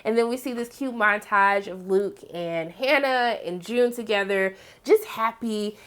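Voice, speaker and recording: A woman hosting a casual TV recap, chatty and animated, full of "like" and "um" fillers. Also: unhurried, hardly any pauses, smooth. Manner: chatty, heavy use of "like" and "um"; animated, breaks into excited high exclamations. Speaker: TV series review host.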